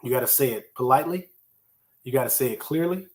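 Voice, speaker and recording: Male host, mid-pitch, casual motivational talker who drives points home through repetition. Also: fast, darkish tone. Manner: conversational, emphatic, repeats key phrases for effect. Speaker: podcast host teaching time management. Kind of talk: solo motivational teaching talk.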